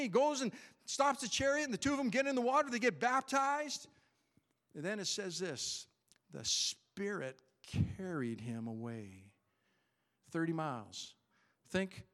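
A man preaching a sermon to his church, animated and conversational, acting out Bible characters in quick voices. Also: very high voice. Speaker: pastor.

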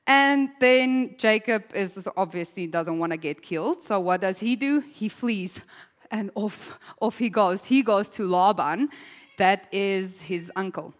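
A woman's voice: mid-range voice, slow pace. A woman preaching a sermon, telling a story in a chatty way, often laughing and acting out the voices. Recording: long hall reverb.

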